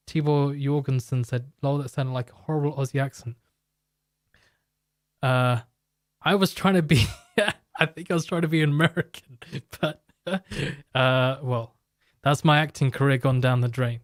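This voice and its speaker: A man's voice: mid-range voice, dry recording, studio quality. A man hosting a live market stream, explaining in a loose, rambling way and joking with chat viewers. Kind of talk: live market commentary and product pitch.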